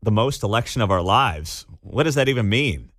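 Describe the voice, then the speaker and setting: A man's voice: on the low side, expressive, moderate pace, a bit bright, dry recording. A man hosting a talk radio show, giving sarcastic, incredulous commentary and taking calls. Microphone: studio microphone. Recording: dry studio sound.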